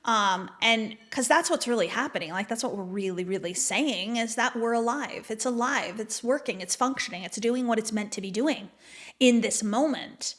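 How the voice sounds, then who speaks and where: Podcast guest; woman, slightly high voice, candid and reflective, conversational. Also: moderate pace, fairly bright tone. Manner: candid, reflective, many "like" fillers. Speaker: podcast guest, manifestation mentor.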